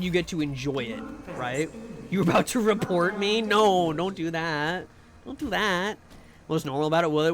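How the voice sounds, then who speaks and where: High-voiced, rambling male streamer. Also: background noise. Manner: rambling and profane, with excited sing-song greetings. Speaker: live streamer. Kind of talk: casual chat with live viewers.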